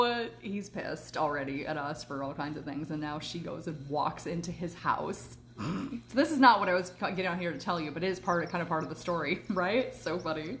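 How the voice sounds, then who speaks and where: A woman livestreaming a casual story, animated, laughing often and swearing freely. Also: fairly low pitch, normal speed, slight background noise. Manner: eating while talking. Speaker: manifestation coach and vlogger.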